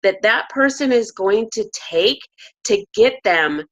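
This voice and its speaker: A woman's voice: medium pitch, lively intonation, slow. A woman hosting a talk show, speaking earnestly and often affirming her guest. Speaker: host.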